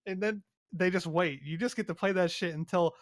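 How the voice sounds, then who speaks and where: Brief: young male co-host, high voice, dry close sound, profane animated storyteller. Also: fairly quick, no room sound. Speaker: podcast co-host. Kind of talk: casual storytelling chat.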